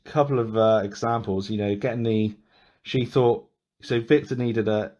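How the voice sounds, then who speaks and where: A man's voice: lowish voice, steady tone, normal speed, a little mellow, lo-fi sound. A man hosting a podcast, chatting casually and rambling with many restarts and small laughs. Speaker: podcast host. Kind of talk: casual chat.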